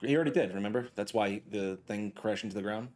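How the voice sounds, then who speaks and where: Low-voiced male dungeon master, plain rules calls, filler-heavy. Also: quick pace, a little mellow, soft background music. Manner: matter-of-fact rules calls, many "uh"s. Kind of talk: running a tabletop game.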